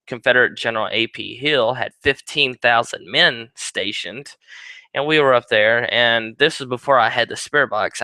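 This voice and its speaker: A man's voice: mid-range voice, bright, forceful tone, dry recording, poor audio. A young man hosting his own paranormal talk show, speaking in a rambling, conversational way with ums and asides. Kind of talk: casual solo talk.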